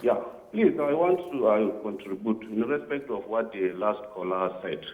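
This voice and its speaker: A caller phones into a TV debate show to give his view, speaking in a fairly low, husky, animated voice at normal speed. He repeatedly asks "you understand?", and the phone line sounds tinny.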